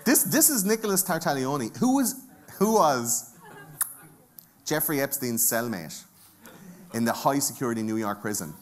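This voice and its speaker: A man's voice: medium pitch, sing-song, moderate pace, long pauses. A man with an Irish accent giving a jokey, profane conference talk and bantering with the audience from the stage. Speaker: conference speaker. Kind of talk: comedic live talk.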